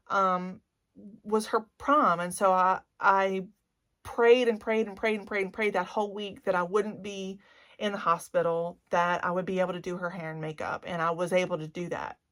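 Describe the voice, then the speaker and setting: A woman's voice: medium pitch, a bit bright. A woman in her forties with a Cajun Louisiana accent, chatting candidly and gushing emotionally as a beauty vlogger. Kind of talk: candid vlog chat.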